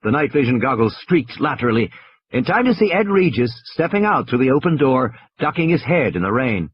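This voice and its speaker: A man's voice: medium pitch, very animated, a little fast, dull audio. A man narrating an audiobook with a tense, dramatic delivery.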